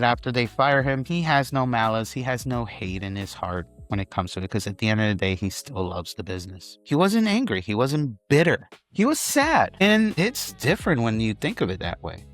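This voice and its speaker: A man's voice: mid-range voice, very animated, moderate pace, a bit bright, faint music behind. A man hosting an online wrestling news commentary, speaking emphatically and repeating phrases for weight.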